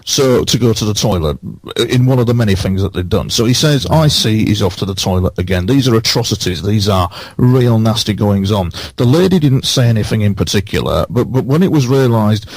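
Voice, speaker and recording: A man on a radio show who recounts his experiences earnestly, halting and repeating phrases for emphasis. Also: lowish voice, lively intonation, a little mellow, no echo. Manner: halting, with many false starts.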